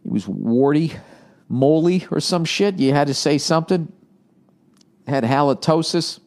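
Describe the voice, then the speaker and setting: A man in his forties from the United States talks through a casual comedy podcast. His voice sits a little high for a man. He rambles, swears and sounds exasperated as he riffs. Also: measured pace, a little mellow. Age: 40s. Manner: rambling, profane and exasperated, riffing off forum posts. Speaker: podcast host.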